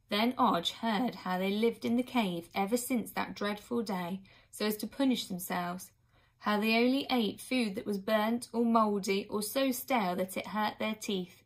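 A woman reading a children's book aloud expressively, now and then pausing for an aside to her listeners. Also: mid-range voice. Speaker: reader.

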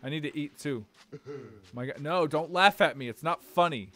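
A young man streaming a game live, swearing and reacting loudly to what happens on screen. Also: on the high side, normal speed.

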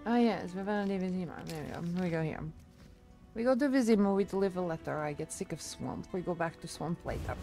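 A woman's voice: lowish voice, fairly quick, dark tone, soft background music, close to an everyday voice. A woman streamer putting on a thick fake Russian accent, dropping articles in her game chatter. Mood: mock-serious. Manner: broken grammar, dropped articles.

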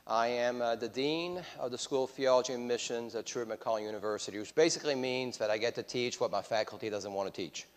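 A man's voice: medium pitch, quick pace, hardly any pauses. A man with a French accent, preaching as a guest speaker in a church in a friendly, self-deprecating way with frequent hesitations. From France. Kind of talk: sermon. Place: church sanctuary. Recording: church hall reverb.

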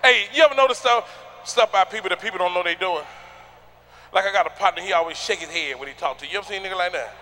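A man doing a stand-up comedy routine on a theater stage, loud and rowdy, shouting punchlines at the crowd. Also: sits high, rapid-fire, a little hiss or hum.

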